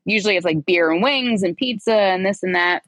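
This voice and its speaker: A woman in her forties, a podcast guest, telling her own story in a candid, animated way and acting out the dialogue. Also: medium pitch, a little fast, no room sound. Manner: animated, acts out quoted dialogue.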